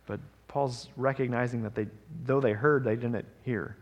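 Male pastor, casual preaching style with rhetorical asides, some vocal fry, echoing sanctuary. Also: mid-range voice, steady tone, normal speed, muffled recording. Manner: conversational preaching, frequent "right?" asides. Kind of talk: sermon.

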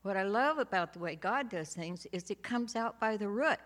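A woman's voice: mid-range voice, animated, normal speed, fairly bright tone. A woman sharing a personal faith testimony at church in a homey storytelling way, laughing now and then and adding asides. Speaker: church speaker giving a testimony. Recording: long hall reverb.

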